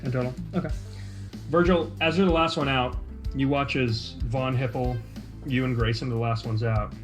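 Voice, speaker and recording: A man's voice: mid-range voice, steady tone, moderate pace, soft background music. Man narrating as a loose game master. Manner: loose, filler-heavy narration.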